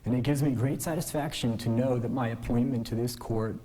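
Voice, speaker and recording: The recording is low quality, carrying a mid-range male voice that moves fairly quickly. He is a newly appointed justice in his forties, delivering an earnest, gently self-deprecating ceremonial speech from a podium in a courtroom.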